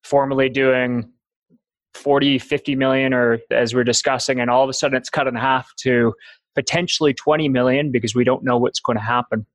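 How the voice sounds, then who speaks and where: A man's voice: medium pitch, level tone, brisk, no echo, low-quality recording. A man hosting an interview, asking long, probing hypothetical questions. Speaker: podcast host.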